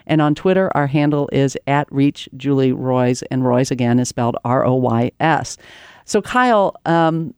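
A woman's voice: extremely low pitch, moderate pace, a little mellow, smooth, no room sound, studio quality. A woman hosting a talk show and interviewing a guest, with an earnest, emphatic delivery. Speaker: radio show host.

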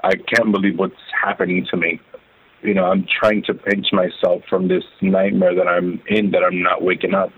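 A man telling his own story as an interview guest, halting and repeating words as he recounts it. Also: deep voice, flat delivery, slightly rough. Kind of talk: emotional first-person testimony. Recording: phone-like narrow band.

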